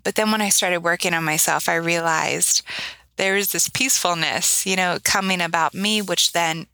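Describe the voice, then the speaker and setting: A woman in her thirties tells personal stories with earnest feeling and a bright, forceful edge to her voice. She often tacks on "right?" for emphasis and acts out little quoted exchanges. The sound is dry and close, with hardly any room around it. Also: lowish voice, normal speed, no echo, poor audio. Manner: earnest, emotional storytelling with lively quoted voices. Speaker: podcast guest. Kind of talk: heartfelt interview talk.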